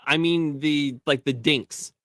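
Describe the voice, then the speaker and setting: A man co-hosting a casual news podcast, telling animated stories and swearing freely. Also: fairly high pitch, slow, no echo. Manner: animated storyteller, acts out voices, swears. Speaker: podcast co-host. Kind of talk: casual banter about news.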